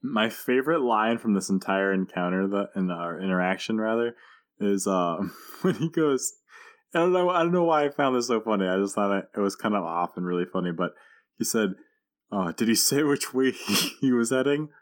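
A man co-hosts a casual podcast, chiming in with amused, laughing asides. His voice sits somewhat low. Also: moderate pace. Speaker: podcast co-host. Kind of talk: casual chat.

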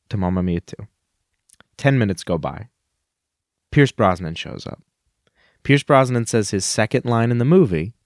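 A man's voice: lowish voice, no room sound, studio quality. A man co-hosting a casual comedy podcast. He talks in an earnest, rambling way and drifts into grand speeches for laughs. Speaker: podcast co-host.

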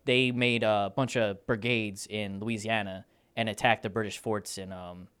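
Man, lowish smooth voice, laid-back storytelling, podcast. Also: fairly even intonation, measured pace, a bit bright. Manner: loose storytelling, laughs often, many fillers. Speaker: podcast co-host. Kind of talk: casual chat.

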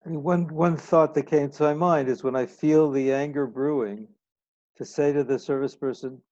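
A man's voice: a little high, fairly even intonation, normal speed, a little mellow, no echo. A man talking as a client in a casual conversation, hesitant with stammering restarts, on a dull recording.

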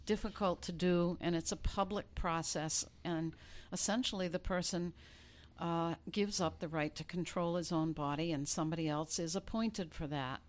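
A woman, an attorney guest, explaining legal processes in a measured way with frequent ums. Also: on the low side, fairly even intonation. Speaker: elder law attorney guest. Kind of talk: interview answers.

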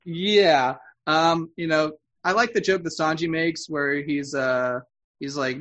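A man's voice: fairly high pitch, fairly even intonation, measured pace, a bit bright. A man hosting a podcast in casual chat, rambling with frequent fillers and restarts. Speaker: podcast host.

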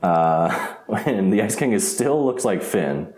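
A man with a very low, deep voice talks through an episode recap in a loose, rambling way, often laughing and restarting his sentences. The sound is roomy and echoey. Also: sing-song, slow, darkish tone. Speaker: podcast co-host. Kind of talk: casual episode recap chat.

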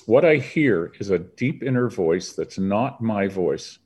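An older man with a very low voice, speaking as an interview guest. He tells his story earnestly and reflectively, from Canada. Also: animated, unhurried, a little mellow, husky.

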